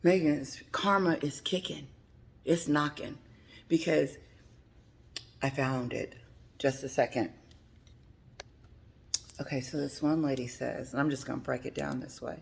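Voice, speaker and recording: Gravelly-voiced woman gossiping on a vlog. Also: rumbling low, steady tone, measured pace, pauses often. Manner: chatty, dramatic, laughs between remarks. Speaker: celebrity gossip commentator. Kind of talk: casual commentary vlog.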